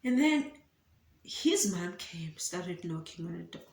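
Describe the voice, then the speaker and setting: In an echoey room, a young woman from South Africa tells a dramatic storytime-vlog tale at a slow pace, her pitch fairly low. This YouTuber speaks with a South African accent, stays animated and theatrical, and mixes in Zulu phrases.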